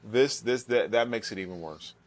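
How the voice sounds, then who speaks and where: A lower-voiced man on a casual movie podcast. He speaks bluntly and with plenty of profanity. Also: normal speed, no room sound, lo-fi sound. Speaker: podcast co-host. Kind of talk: casual film discussion.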